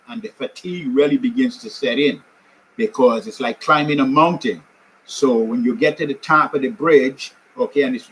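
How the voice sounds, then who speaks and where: A man's voice: a little high, bright, forceful tone, low-quality recording. An older man from New York telling his marathon story in a casual, rambling way, with many fillers and restarts. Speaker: amateur marathon runner.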